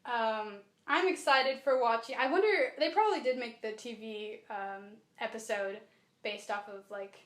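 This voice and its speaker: A woman co-hosting a podcast talks about a book in a casual, animated way, full of fillers and restarts. Her voice sits high. The sound has a roomy echo. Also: normal speed. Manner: chatty, animated, many fillers. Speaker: podcast co-host. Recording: echoey room.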